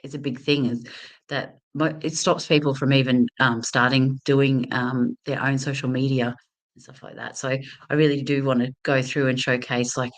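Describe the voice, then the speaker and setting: A woman's voice: very deep voice, level tone, normal speed. A woman hosting a casual live talk, telling a personal story with many fillers, restarts and laughs. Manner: chatty, lots of fillers and restarts, laughs often. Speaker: host of a confidence talk.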